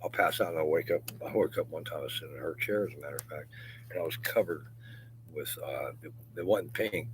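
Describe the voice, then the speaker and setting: A man's voice: extremely low pitch, fast talker, a little hiss or hum, rough recording. An older man rambling through a profane, confessional livestream monologue.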